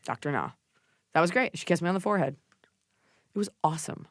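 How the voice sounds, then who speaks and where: Speaking fast with a voice on the low side, a woman hosts a podcast of casual comedic chat. The studio-quality recording has no echo, and she tells funny stories animatedly while mimicking the people involved.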